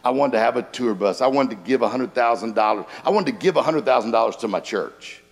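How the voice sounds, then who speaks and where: A motivational speaker gives a humorous seminar talk in a church auditorium, telling anecdotes and jokes. His medium-pitched voice is animated and quick, and the large room adds a long hall reverb.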